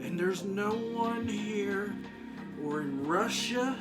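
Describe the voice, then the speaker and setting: A man's voice: sits high, slow, loud music behind the voice. A man voicing a boastful elderly wrestler, drawling his trash talk in a comedic improvised character bit. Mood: bragging. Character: boastful elderly male wrestler, creaky braggart.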